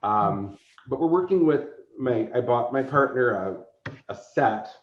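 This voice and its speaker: A man's voice: medium pitch, a little slow, slight background noise. A man being interviewed as a convention organizer, telling stories animatedly and acting out characters. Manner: animated storyteller who acts out characters. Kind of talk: casual podcast interview. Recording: roomy, slightly dull recording.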